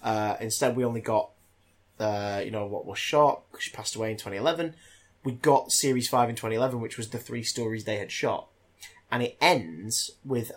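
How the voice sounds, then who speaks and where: A man in casual podcast chat as co-host, talking animatedly with many fillers. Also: medium pitch.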